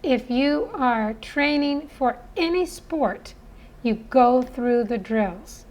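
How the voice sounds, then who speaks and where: Woman phonics teacher, higher voice, slow earnest delivery. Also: animated, darkish tone, rough recording. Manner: earnest, persuasive. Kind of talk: spoken lesson.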